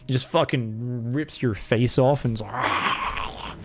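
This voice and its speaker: A young man casting a live strategy game, excitable and crude, rambling between plays and shouting at the action. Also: medium pitch, moderate pace, noisy background. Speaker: game caster.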